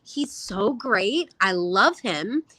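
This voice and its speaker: A woman's voice: mid-range voice, expressive, slow pace, sharp tone, no echo. A middle-aged woman from California co-hosting a podcast at home, earnest and argumentative in casual chat. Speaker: podcast co-host.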